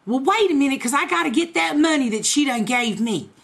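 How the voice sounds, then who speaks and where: A woman voicing a fed-up older woman who hollers orders at a young boy in a bossy, shrill way. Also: animated, fairly quick, vocal fry. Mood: angry.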